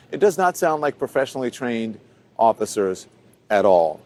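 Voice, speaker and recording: A man's voice: on the low side, moderate pace, a little mellow. A man commenting on a cable news panel, conversational and hesitant, with many fillers.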